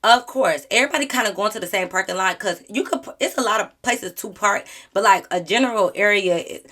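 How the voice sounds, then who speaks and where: A woman YouTuber tells a storytime vlog full of sass and slang. Her medium-pitched voice moves fairly quickly through an animated retelling.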